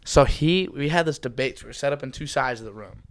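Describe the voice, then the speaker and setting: A young adult man, a podcast guest in casual chat, telling animated stories and filling his sentences with "like". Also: medium pitch, fairly quick. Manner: animated storyteller, heavy use of "like".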